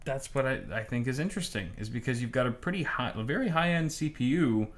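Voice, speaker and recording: A man's voice: mid-range voice, fast. A young man with a mid-range voice co-hosting a live tech show. He talks in a loose, easygoing way and often stops to correct himself. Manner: loose, self-correcting, laughing. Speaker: co-host of a hardware show. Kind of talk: casual live-stream banter.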